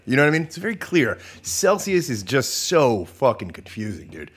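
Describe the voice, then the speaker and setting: A man hosting a podcast in a casual, comedic monologue, animated and profane, joking and sometimes trailing into mumbles. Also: mid-range voice, moderate pace, few pauses, husky.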